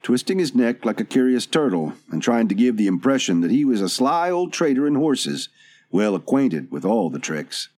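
Steady male audiobook narrator. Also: medium pitch, normal speed.

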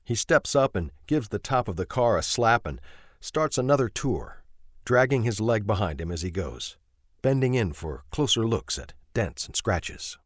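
Male first-person narrator, understated and measured, low voice with animated inflection, dead-dry studio sound. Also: no echo. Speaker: audiobook narrator.

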